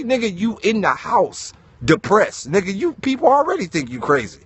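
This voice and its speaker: A man giving an animated, preachy motivational talk, swearing and calling listeners dog. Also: high-pitched, brisk, few pauses, slightly rough. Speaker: host.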